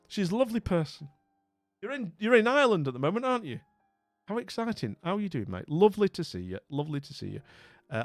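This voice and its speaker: A man from northern England, speaking with a northern accent in a fairly high voice, rambles through a casual live-stream chat. He restarts often, greets people warmly, and sounds slightly weak after being ill. There is no room sound.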